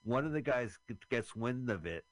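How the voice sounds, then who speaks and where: A man's voice: mid-range voice, lively intonation, normal speed, no echo, low-quality recording. Man joking over a movie. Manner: sarcastic, joking. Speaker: host riffing on a movie. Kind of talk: casual movie commentary.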